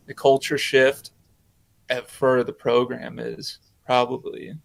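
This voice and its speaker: A high school basketball coach answers interview questions haltingly, often repeating his words. His delivery is flat and creaky.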